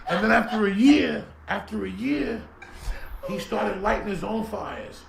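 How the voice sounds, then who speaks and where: A man telling a profane comic story in a brash, animated way, acting out the voices of the people in it. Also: high-pitched, measured pace, vocal fry. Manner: brash, animated, acts out quotes. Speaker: podcast storyteller. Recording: roomy echo with faint noise.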